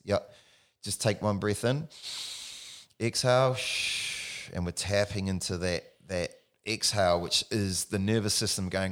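A man coaching mobility in casual podcast chat, animated and acting out little voices, often saying bro. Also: low-pitched, moderate pace, gravelly. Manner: animated, acts out voices of the body, says bro.

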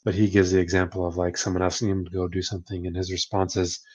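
A man co-hosting a casual book discussion podcast, chatty and relaxed, often tagging "right?" and laughing. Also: deep voice, fast, husky. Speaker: podcast co-host, therapist.

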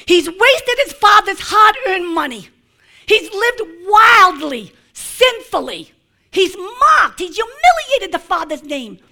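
High bright lady preacher, slow and dramatic, hushed then shouting, jokey asides. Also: big pitch swings. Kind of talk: sermon.

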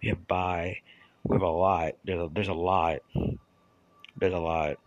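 A man talking straight to his channel's viewers in a casual monologue, rambling and halting with many restarts and trailing asides. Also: low-pitched, flat delivery, highs cut off. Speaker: YouTuber.

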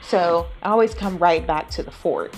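Woman, podcast host, casual storytelling, blunt, profane, animated, tired and yawning, faint music behind. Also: lowish voice, moderate pace.

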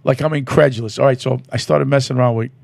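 A man's voice: medium pitch, steady tone, fast talker, creaky, darkish tone, dry recording. A man, a podcast guest telling brash, profane, jokey stories and laughing often. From New York City. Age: 50s. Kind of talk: casual chat, storytelling.

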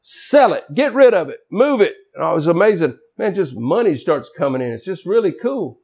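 A man delivering a sermon in a high, lively voice that jumps all over the place. He preaches emphatically, mixing scripture with folksy, colloquial asides. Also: normal speed, breathy edge. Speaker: pastor.

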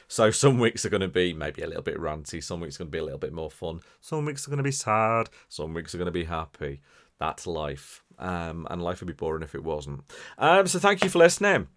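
An English man hosting a podcast, signing off in a chatty, animated way with lots of fillers. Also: low voice, a little fast. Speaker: podcast host. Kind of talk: casual podcast sign-off chat.

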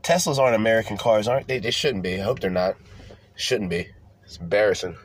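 A man's voice: lowish voice, fairly quick, a little hiss or hum. A man hosting a podcast, ranting casually with lots of swearing, restarts and repeated phrases. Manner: animated, profane, rambling with repeated restarts. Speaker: podcast host. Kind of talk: casual profane rant.

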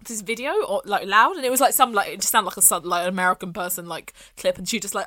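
A young woman, co-hosting a casual chat and telling a story in an animated way, acting out the people in it. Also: medium pitch, fast talker, few pauses, no echo. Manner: animated storyteller, acts out quoted voices, laughs often. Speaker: podcast co-host.

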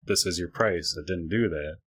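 A man in casual chat, telling a profane, animated story about a bad online sale. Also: deep voice, moderate pace, breathy edge.

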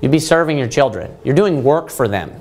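Speaking briskly in a medium-pitched, expressive and slightly mellow voice, the pastor drives his points home by repeating them and asking rhetorical questions. He says "you know" a lot and often restarts sentences.

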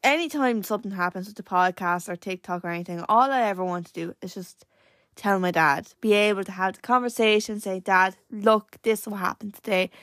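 Young irish girl chatting on her podcast, lots of likes and restarts, thoughtful, mid pitch, dead dry room. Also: a little fast, a bit bright, dry recording. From Ireland. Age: late teens. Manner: hesitant and reflective, full of fillers and restarts. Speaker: podcast host. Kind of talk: personal podcast monologue.

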